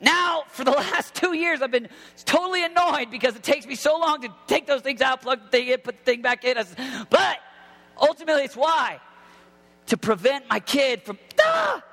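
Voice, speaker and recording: A man in his thirties preaching an impassioned sermon to teenagers as a youth pastor, often shouting. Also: extremely high pitch, moderate pace. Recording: long hall reverb.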